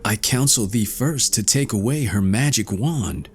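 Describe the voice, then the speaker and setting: A man voicing a calm, sensible young sweetheart in a fairy tale, giving measured advice. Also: on the low side, soft background music.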